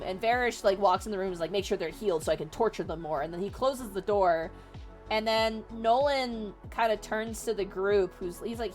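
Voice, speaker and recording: A woman's voice: mid-range voice, a little mellow. A woman streamer retelling a book to her chat in a rambling, sarcastic way, swearing and full of fillers.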